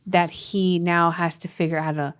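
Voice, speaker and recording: A woman co-hosting a parenting podcast, earnestly telling a family story in casual chat, with quick restarts and soft laughs. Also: lowish voice, flat delivery, clear, resonant tone. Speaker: podcast co-host and parenting author.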